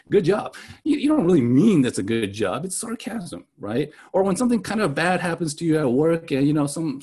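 A man's voice: on the high side, a little mellow, breathy edge. A man preaching a sermon in a conversational way, often checking in with his listeners. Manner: conversational, asks "right?" often. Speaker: pastor.

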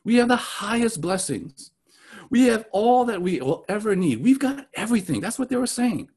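Husky-voiced male pastor preaching conversationally. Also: high-pitched, very animated, normal speed, darkish tone. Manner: conversational, asks "right?" often. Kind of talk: sermon.

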